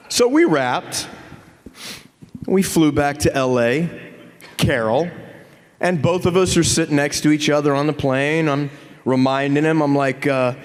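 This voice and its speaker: A middle-aged man telling a story on a convention stage, animated and profane, acting out both sides of the exchange. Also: a little high. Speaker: convention panel guest. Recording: hall reverb from a convention stage.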